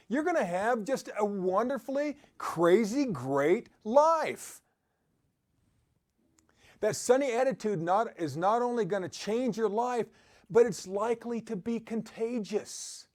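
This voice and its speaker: A man's voice: sits high, expressive, measured pace, a little mellow. A man giving an upbeat motivational talk who exhorts his listeners and often laughs. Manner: quotes scripture. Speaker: motivational speaker.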